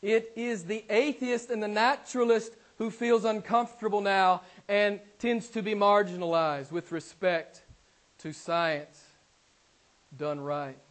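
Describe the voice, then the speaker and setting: A man preaching a sermon as pastor, emphatic and repeating his key phrases, moving from loud stresses to low, quiet asides. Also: level tone, unhurried. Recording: live church sermon.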